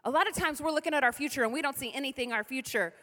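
A middle-aged woman pastor preaching a lively sermon with call-and-response to the congregation. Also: high-pitched, racing. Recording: reverberant hall.

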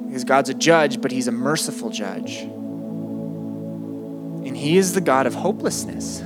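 A young man preaching a sermon as a campus pastor, animated and acting out prayers in quoted voices. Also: mid-range voice, normal speed, over loud music. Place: campus ministry room.

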